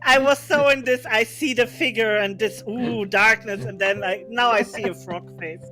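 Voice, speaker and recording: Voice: medium pitch, normal speed, sharp tone, faint music behind, rough recording. A player at a tabletop game chatting playfully between laughs. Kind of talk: casual table chat.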